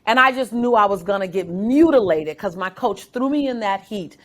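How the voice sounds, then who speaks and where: A middle-aged woman, a guest, telling a story with dramatic, animated delivery. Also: mid-range voice, moderate pace. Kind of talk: storytelling interview.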